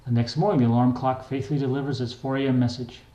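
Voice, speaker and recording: Mellow-voiced older man reading his memoir. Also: medium pitch, fairly even intonation. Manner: plain, wry, unhurried. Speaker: memoir reader. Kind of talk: memoir narration. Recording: echoey room.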